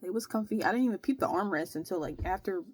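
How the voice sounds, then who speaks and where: A woman's voice: medium pitch, quick pace, breathy edge, no room sound. A young woman, telling a story casually in her vlog, full of slang and filler words. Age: young adult. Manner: slangy, animated retelling with frequent "bro" and "like". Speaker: vlogger.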